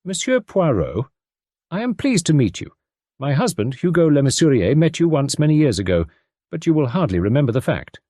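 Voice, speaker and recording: A man's voice: on the high side, big pitch swings, a little fast, mellow, dry recording, voice pushed up. A worried American mother around thirty pours out her fears, earnest and pleading, with an American accent, a man doing her voice. Her lines swing up and down with feeling. The sound is close and dry, with no room around it. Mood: anxious.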